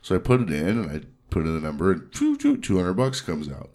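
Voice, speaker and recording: A man's voice: low-pitched, quick pace. A male podcast host telling profane stories in casual chat, laughing as he goes. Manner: profane, animated, laughs between lines. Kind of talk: casual crude storytelling.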